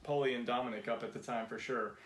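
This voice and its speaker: A man hosting a casual chat over whiskey, agreeable and quick to laugh. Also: medium pitch, fairly even intonation, a bit bright, echoey room. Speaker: podcast host.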